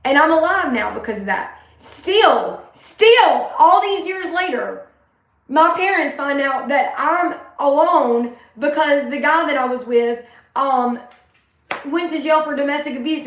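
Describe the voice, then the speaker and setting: A woman talks straight to her viewers, blunt and unfiltered, her speech full of fillers and swearing. Her voice sits a bit high. The sound is roomy and echoey. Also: fairly bright tone. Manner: candid, blunt, swears freely, many fillers. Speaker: vlogger sharing her story. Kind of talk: casual personal storytelling, talking to viewers.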